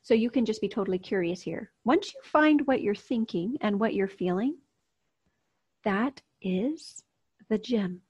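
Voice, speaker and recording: A woman's voice: mid-range voice, expressive, a little slow, darkish tone, slightly rough, dry recording. A woman coach teaching an online course lesson in a casual, upbeat way, speaking straight to her viewers. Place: outdoors, near a street. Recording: dull, slightly lo-fi dry sound.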